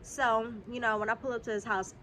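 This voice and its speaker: A young woman speaks, spilling a story to her viewers in a casual vlog. Her delivery is animated and full of cursing, and she sounds a little under the weather. She is recorded outdoors on a phone camera, with faint noise behind her. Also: on the high side, a little fast. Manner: animated, profane, talks straight to viewers. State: slightly sick, clears throat. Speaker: vlogger.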